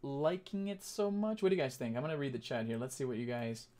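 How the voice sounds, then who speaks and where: A young man on a casual live stream, thinking aloud as he works and chatting back to his viewers, with lots of halting fillers and restarts. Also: mid-range voice, a little mellow. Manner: thinks aloud, reads chat and answers it.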